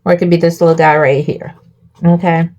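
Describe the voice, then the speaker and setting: A woman's voice: lowish voice, level tone, a little fast, a little mellow. A woman hosting a crafting tutorial, walking viewers through each step and checking in with them often.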